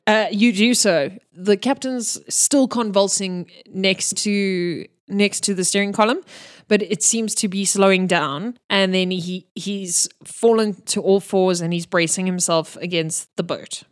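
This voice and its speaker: A woman's voice: mid-range voice, unhurried. A woman narrating a tabletop role-playing game as the game master, describing scenes in detail. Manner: descriptive, with frequent restarts and laughter.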